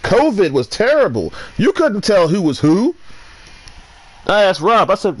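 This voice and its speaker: Man, gamer, ranting commentary, fairly high voice, very lively pitch, restarts, loud then muttering. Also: unhurried, breathy edge. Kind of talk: gameplay commentary rant.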